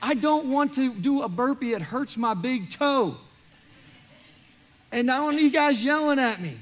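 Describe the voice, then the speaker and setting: A man, a pastor giving a joking, animated sermon in a large church. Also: very high-pitched, a little slow. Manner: animated, joking, acts out quoted voices.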